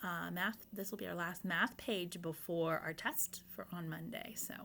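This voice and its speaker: Slow, bright-voiced woman teaching phonics. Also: fairly low pitch, gravelly. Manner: slow, patient, reads words aloud in even steps. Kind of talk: recorded phonics lesson for young children.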